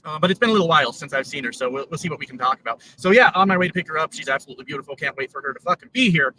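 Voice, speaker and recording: A man's voice: on the high side, lively intonation, racing, bright, forceful tone. A man talking to his viewers while driving his truck, rambling with lots of fillers. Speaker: trucker YouTuber. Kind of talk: casual vlog while driving. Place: truck cab on the road. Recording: distant mic, road noise.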